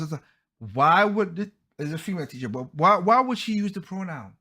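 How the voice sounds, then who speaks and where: A man's voice: high-pitched, expressive, moderate pace, sharp tone. A man hosting a podcast, giving heated, blunt opinion commentary and often stumbling over and repeating his words. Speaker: podcast host.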